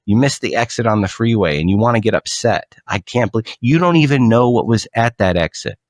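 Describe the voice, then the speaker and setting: A man on a podcast, telling a story in a relaxed, animated way and often repeating words as he starts a thought. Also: fairly low pitch, a little fast, dry recording, clean studio sound. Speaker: podcast guest. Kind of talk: casual storytelling.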